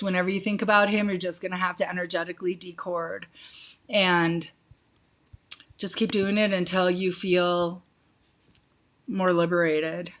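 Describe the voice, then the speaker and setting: A woman hosting a casual live psychic Q&A, reading viewers' questions aloud and answering them with quick intuitive yes-or-no readings, calling viewers sweetie and honey. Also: mid-range voice. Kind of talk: casual live-stream chat.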